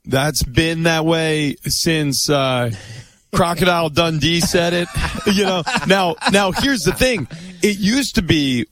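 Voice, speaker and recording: Easygoing higher-voiced male panelist. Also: fairly bright tone, dry recording. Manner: easygoing, halting with restarts. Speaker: sports show panelist. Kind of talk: casual sports debate.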